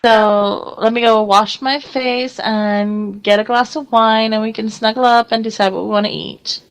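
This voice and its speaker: Woman, radio host, casual chat, animated, acts out quotes, laughs a lot. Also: fairly high pitch, normal speed, clean tone, low-quality recording.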